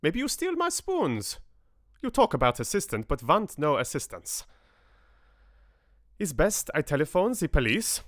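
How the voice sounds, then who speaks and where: A man's voice: on the high side, wildly swooping pitch, a little slow, pauses often, fairly bright tone, no echo, studio quality, voice pushed up, full character voice. A man voicing a fat, pompous German vet in a raging fit, with a corny German accent. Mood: spluttering rage. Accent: corny put-on German accent. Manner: spluttering, indignant.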